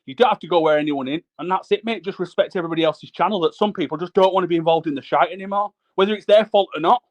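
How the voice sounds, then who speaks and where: A man's voice: sits high, racing. A man on a livestream panel, blunt and sweary, repeating himself insistently. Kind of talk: heated livestream panel chat.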